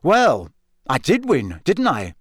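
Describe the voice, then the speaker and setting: A man's voice: a little high, wildly swooping pitch, slow pace, slightly rough, dry recording, studio quality, voice pushed up, heavily acted. A man voicing an earnest teenage schoolboy who speaks in a direct, pressing way.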